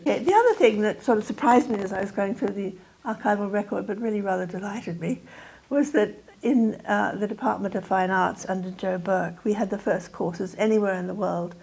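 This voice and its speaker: A woman's voice: mid-range voice, creaky, darkish tone, breathy edge, low-quality recording. Older woman giving a scholarly lecture. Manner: measured, scholarly, with pauses and fillers. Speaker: guest lecturer. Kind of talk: public lecture.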